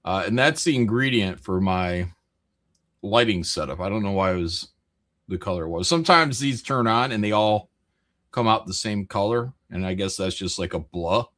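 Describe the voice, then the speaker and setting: A man's voice: fairly low pitch, animated, normal speed, a bit bright. A man hosting a casual live stream, rambling through chat messages with frequent jokes, laughs and swearing. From American Midwest.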